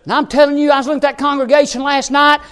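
A man preaching a sermon as pastor, joking with the congregation and building up to shouted passages. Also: very high voice, level tone, rapid-fire.

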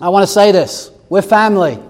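High-voiced preacher in a reverberant hall. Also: male voice, a little fast. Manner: expository, reading and explaining scripture with humor. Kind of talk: sermon.

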